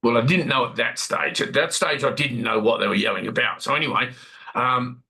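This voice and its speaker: A man's voice: medium pitch, fairly quick, creaky, bright, forceful tone, low-quality recording. An Australian man playing a chatty warehouse supervisor who rambles, repeats himself and recounts what others said during a role-played workplace investigation interview. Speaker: workplace witness being interviewed.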